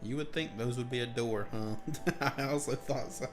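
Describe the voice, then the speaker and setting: Guy cohosting a game stream, deadpan, tells you where to go next, quiet music underneath. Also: mid-range voice, moderate pace. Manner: dry, matter-of-fact, gives game directions. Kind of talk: casual gaming chat.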